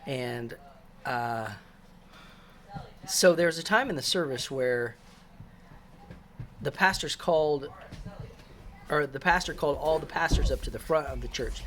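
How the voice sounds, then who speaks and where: A man's voice: fairly high pitch, measured pace, long pauses, a bit bright, slight background noise. A man casually telling a personal church story, rambling with many fillers and restarts. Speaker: christian storyteller.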